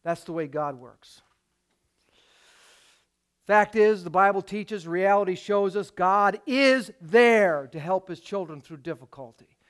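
High-voiced man preaching a sermon. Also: takes it slowly, fairly bright tone, clear, resonant tone. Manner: emphatic, with rhetorical questions to the congregation. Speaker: pastor.

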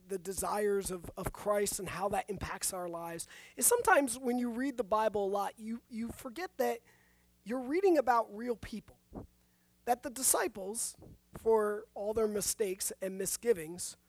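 A woman pastor preaching a sermon, animated, asking the listeners rhetorical questions and making self-deprecating asides. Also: mid-range voice, no room sound.

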